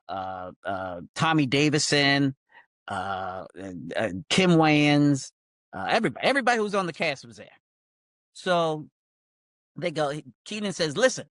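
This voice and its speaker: An older male comedian telling a lively, self-mocking story in casual chat. He acts out quoted voices and fills gaps with "blah, blah, blah". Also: on the high side, dry recording, clean studio sound. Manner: wry, self-mocking humor. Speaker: comedian guest.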